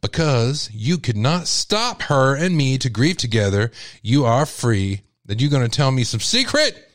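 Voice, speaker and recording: A male podcast host reading a statement aloud in character as a furious grieving widow, ranting and accusing with sharp swings in pitch. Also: dry recording, studio quality.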